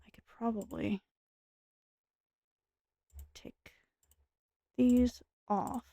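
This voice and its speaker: A tired woman giving soft-spoken, rambling commentary while she plays a game, with self-deprecating asides. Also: a little high, fairly even intonation, slow, pauses often, no echo. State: tired, speaking softer and lower. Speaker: gaming streamer. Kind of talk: casual gameplay commentary.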